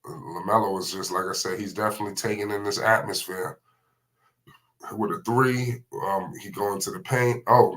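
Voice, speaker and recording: A man calling basketball play by play on a livestream, excitable and slangy, naming every pass. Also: on the low side. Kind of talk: live play-by-play commentary.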